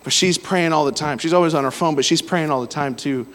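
Preacher guy, kinda high voice, telling stories, big hall echo. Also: fast. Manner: storytelling, swings to loud exclamations. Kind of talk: sermon with personal stories. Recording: hall reverb.

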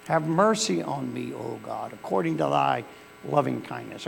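A man's voice: mid-range voice, lively intonation, a little slow, creaky. A male pastor, preaching a sermon in a church with folksy storytelling that swells into fervent preaching. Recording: long hall reverb with faint mains hum.

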